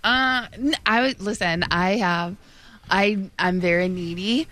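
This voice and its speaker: A woman's voice: medium pitch, a little slow, fairly bright tone. A young woman co-hosting a radio show, chatting casually and laughing at herself while she rambles. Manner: self-deprecating, laughing, rambling.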